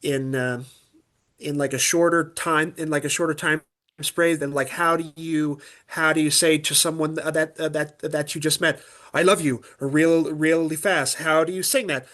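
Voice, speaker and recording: A man with a somewhat high speaking voice talks casually as a guest in an interview. He is an opera tenor from Pennsylvania. He explains things haltingly, restarting phrases and leaning on filler words. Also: steady tone, a bit bright. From Pennsylvania, USA.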